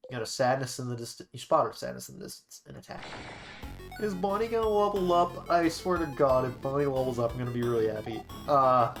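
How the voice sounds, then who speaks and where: A woman with a low, lively voice streams a story game, reacting out loud and reading its text as she goes. Clear game music plays under her voice. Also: fast talker. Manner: emotional, exclaiming and laughing at the story. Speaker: gaming streamer. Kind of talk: let's play commentary, reading game text aloud.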